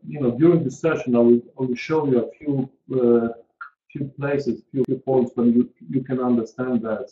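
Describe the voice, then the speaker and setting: A man, presenting a pricing webinar in an earnest, emphatic way and repeating his key points. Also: mid-range voice. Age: 40s. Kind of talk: online presentation to an audience. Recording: roomy, dull lo-fi call audio.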